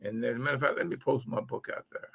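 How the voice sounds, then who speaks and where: A man's voice: mid-range voice, fairly even intonation, very fast, creaky, a bit bright, slightly rough. A man hosting a live-streamed political talk, speaking emphatically to his viewers, often repeating words as he builds his point. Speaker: livestream show host.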